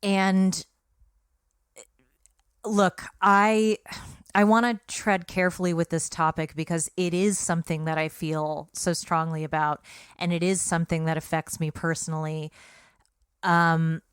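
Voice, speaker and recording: Woman podcast cohost, lower voice, smooth and clear, dry close mic, talks earnest and emphatic. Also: level tone, measured pace, dry recording. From Britain. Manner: earnest, emphatic, with frequent restarts. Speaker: podcast co-host. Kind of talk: casual podcast discussion.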